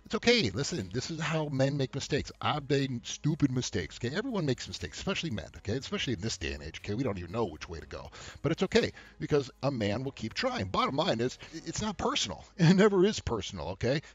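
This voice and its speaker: Blunt, husky-voiced man giving dating advice. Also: big pitch swings, quick pace, muffled recording. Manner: blunt and profane, acts out quotes in high mocking voices, laughs often. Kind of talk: casual advice rant to camera.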